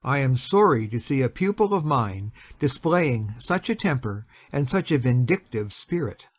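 A woman's voice: rumbling low, very animated, moderate pace, full character voice. A woman voicing a stern, solemn male schoolteacher in an audio drama, speaking with heavy disapproval.

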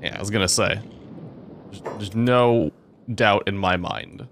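A young man giving gameplay commentary, swearing often and breaking into excitable outbursts. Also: fairly low pitch, unhurried, slight background noise. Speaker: let's play host.

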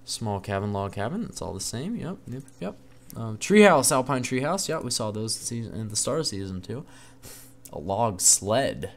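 A man hosting a gaming channel, giving excitable let's-play commentary and talking to himself, recorded in a dark room at home at night. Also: on the low side, normal speed. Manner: excitable, exclaims often, talks to himself.

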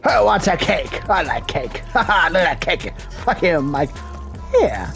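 A gamer in casual gameplay commentary, loud and profane, joking and bantering. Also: mid-range voice, big pitch swings, a little slow, creaky, soft background music.

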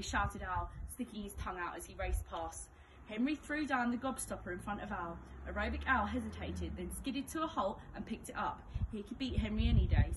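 A woman reading a children's storybook aloud with expressive, dramatic emphasis. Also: mid-range voice, normal speed. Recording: noisy background.

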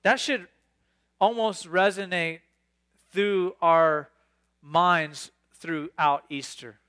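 A man preaching a sermon, reading scripture aloud and riffing on it with animated, excitable asides. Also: sits high, very slow, clear, resonant tone. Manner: animated, reads scripture then riffs with sudden bursts of excitement. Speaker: pastor.

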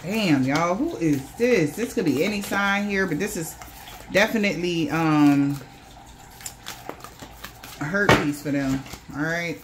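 A woman's voice: on the low side, lively intonation, a little slow, long pauses, noisy background. A woman giving a loose, casual tarot reading, swearing freely and acting out the voices of the people she describes. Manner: loose, profane, acts out quoted voices. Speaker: tarot reader.

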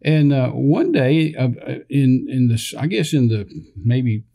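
An older man with a gravelly, mellow voice tells a long personal story in a loose conversational way. He rambles, restarts his sentences and slips into the voices of people he quotes. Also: medium pitch, big pitch swings, measured pace. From Texas. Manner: rambling, many fillers and restarts, acts out quoted dialogue. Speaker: minister telling a story on a podcast.

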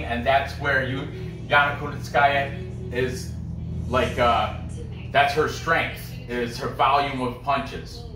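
Guy rambling thru fight picks, slow and loose, kinda far off the mic in an echoey room. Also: medium pitch, a bit bright. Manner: rambling, chatty, laughs and trash-talks. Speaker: host of a fight picks show. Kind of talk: casual picks roundup. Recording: roomy echo, distant mic, faint music.

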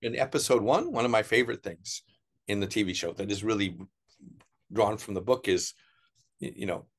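Gravelly low-voiced american man. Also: moderate pace. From United States. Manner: animated, puts on voices for quoted people, many fillers. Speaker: interview guest, journalist. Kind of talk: casual storytelling interview.

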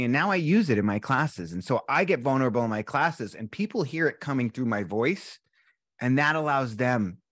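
A man's voice: medium pitch, dry recording, studio quality. A man, a breathwork teacher talking candidly and with animation as a podcast guest. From US East Coast, Boston. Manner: animated, candid, swears a little. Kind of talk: casual podcast conversation.

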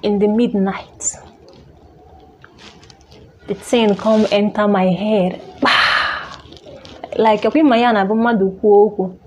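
A woman telling a personal story in a halting, emotional way, full of restarts. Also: mid-range voice, steady tone, a little hiss or hum. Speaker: vlogger.

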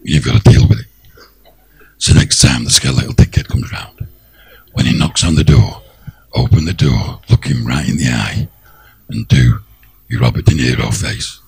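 A wise old dog speaks in a low, gravelly rasp, each word slow and grave. The voice sits far below a man's usual pitch and is rough and husky. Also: darkish tone, exaggerated voice. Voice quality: very deep, gravelly, raspy.

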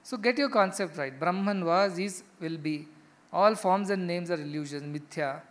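A man's voice: high voice, moderate pace. A middle-aged man with an Indian English accent giving a spiritual discourse, emphatic, firing rhetorical questions and repeating key phrases. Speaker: spiritual teacher. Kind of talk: spiritual discourse to ashram residents.

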